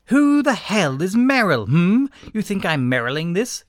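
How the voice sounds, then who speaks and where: A man's voice: sing-song, brisk, fairly bright tone, no echo, studio quality. A man doing a squawking, gloating villain. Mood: ranting. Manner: squawking, shrill and sneering. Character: gloating, knife-twirling nervy male villain.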